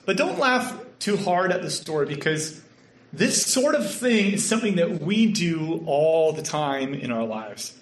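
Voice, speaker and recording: A man from Canada with a Canadian accent, preaching a sermon with earnest storytelling that sometimes drops to a soft hush. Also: high voice. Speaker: pastor. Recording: echoey room.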